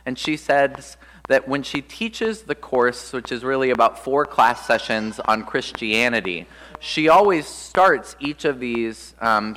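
A man, an Episcopal priest, preaching a sermon in a relaxed, thoughtful way, often pausing with "uh" and "um". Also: medium pitch, slight background noise. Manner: conversational and reflective, with frequent "uh" and "um". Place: church. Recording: long church reverb.

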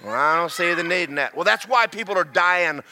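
A man preaching a sermon, swinging from low murmurs to shouted passages. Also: expressive, brisk, noisy background. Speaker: pastor.

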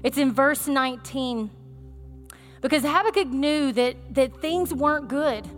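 A woman with a high voice preaches a sermon. She talks to the congregation in a conversational, animated way, weaving a personal story in with fillers and asides. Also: measured pace, big-room sound, faint music behind.

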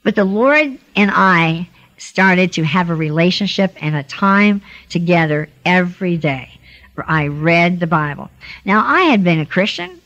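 A woman's voice: lowish voice, a bit bright. A woman tells her story of faith to a church congregation. She speaks earnestly, with feeling and a preacher's push. The recording is dull and lo-fi. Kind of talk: personal testimony to a congregation.

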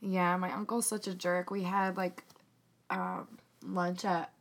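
A young woman chatting casually as a podcast co-host, telling stories in an animated way and acting out what others said. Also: on the low side, takes it slowly. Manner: animated storytelling, acts out quotes. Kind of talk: casual chat.

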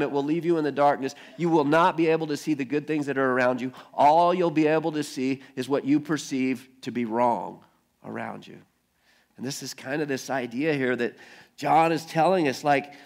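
A male pastor with a slightly higher voice preaches a sermon in a relaxed, conversational way. He tells the story as if chatting, acts out the quoted lines, and often repeats a word or two as he begins a phrase. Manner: repeats words when starting phrases.

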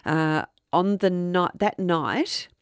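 A woman's voice: lowish voice, slow, clear, resonant tone, no room sound, studio quality. A woman hosting a true crime podcast, telling the case in a casual, chatty way. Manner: conversational, relaxed storytelling with fillers. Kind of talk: casual storytelling chat.

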